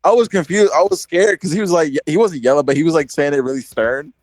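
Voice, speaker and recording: Young male podcast host, casual, animated storyteller, dry close sound. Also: a little high, quick pace, dry recording, low-quality recording. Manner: animated storyteller, heavy "like" filler, acts out quotes.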